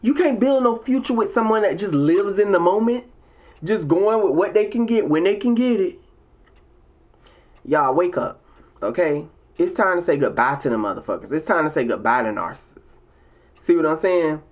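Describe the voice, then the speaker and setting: A man's voice: animated, moderate pace. A man ranting and preaching profanely. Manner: profane, preachy and emphatic, with repeated words; leaps into high, shrill exclamations. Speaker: vlogger. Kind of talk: casual ranting monologue to viewers.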